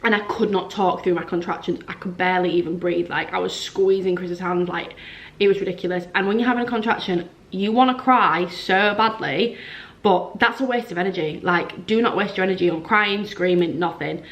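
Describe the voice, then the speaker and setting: A woman's voice: lowish voice, a little fast, dull audio. A young woman telling a long personal story in a chatty vlog style, full of "like" and acted-out quotes. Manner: chatty, frequent "like", acts out quoted dialogue. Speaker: vlogger. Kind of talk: casual storytelling to camera.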